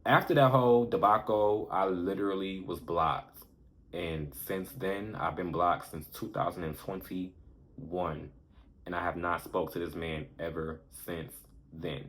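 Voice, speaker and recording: A man casually telling a candid, profane story about a past relationship straight to his viewers, animated and frank. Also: fairly low pitch, a little hiss or hum. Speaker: storytime vlogger.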